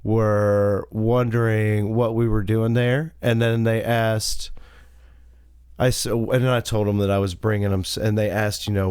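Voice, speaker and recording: A man from the United States tells a meandering, easygoing story in casual podcast chat. His voice sits fairly low and sounds smooth and clear. The recording is dry and close, made at home. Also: little pitch movement, measured pace, a little mellow, no room sound. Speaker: podcast co-host.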